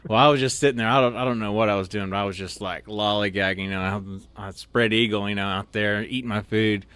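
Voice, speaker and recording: A man's voice: on the low side, fairly even intonation, fast talker, a bit bright, clear, resonant tone, no room sound. A man who is an officer candidate, telling army stories in a rambling, laughing way with many restarts. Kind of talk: casual storytelling in an interview.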